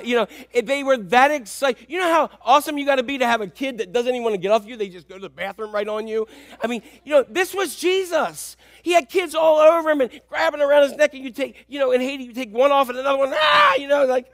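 A male pastor with a high voice delivers an animated sermon. He tells stories, drops to hushed asides and then bursts into shouts. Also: fast, dry recording, clean studio sound.

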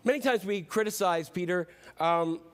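A man's voice: sits high, normal speed. A man preaching a sermon in a casual, playful way, acting out the story. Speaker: pastor.

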